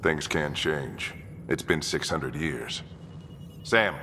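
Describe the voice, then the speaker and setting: An actor playing a stern middle-aged father who leads a space expedition, calm and commanding. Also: rumbling low, slow pace, heavily acted. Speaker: expedition leader. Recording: game audio with music and long reverb.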